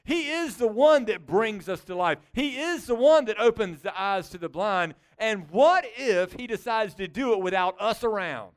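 High, smooth-voiced male preacher. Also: moderate pace, few pauses. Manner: conversational, animated, with sarcastic asides. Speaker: pastor. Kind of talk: sermon.

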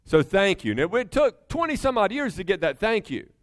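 A man's voice: sits high, very animated, a little fast. A middle-aged man preaching a sermon, emphatic and conversational, often turning to the congregation with asides. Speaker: pastor.

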